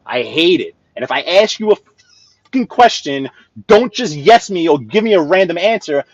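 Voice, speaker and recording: A man's voice: on the high side, fairly bright tone, highs cut off. A man venting while he drives, talking to chat in a live driving vlog and repeating himself as he rants. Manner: exasperated ranting, repeats himself. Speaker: livestreamer and sales rep. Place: inside a moving vehicle.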